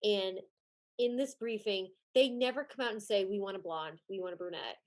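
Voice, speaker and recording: A woman's voice: mid-range voice, moderate pace. A young adult woman in casual podcast chat as a guest. She talks about her time as a pageant contestant and judge, laughs often and says "like" a lot. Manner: chatty, laughs often, heavy use of "like".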